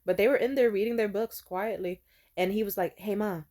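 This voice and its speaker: A profane, animated young woman telling stories. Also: medium pitch, brisk. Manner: profane, animated, laughs often, trails off and restarts. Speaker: vlogger. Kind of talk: casual storytime monologue.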